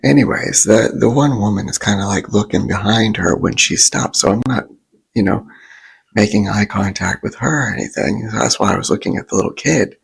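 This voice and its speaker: A man telling a rambling story in a soft ASMR vlog, often stopping to restart his sentences and acting out what others said. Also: fairly low pitch, normal speed. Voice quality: raspy, breathy and gravelly. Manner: rambling, self-interrupting, animated quoting of others. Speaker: vlogger.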